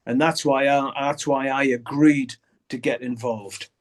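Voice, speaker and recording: A man's voice: mid-range voice, steady tone, unhurried. An older man, a guitarist, telling a candid story in an interview over a video call, blunt and swearing often as he acts out what others said.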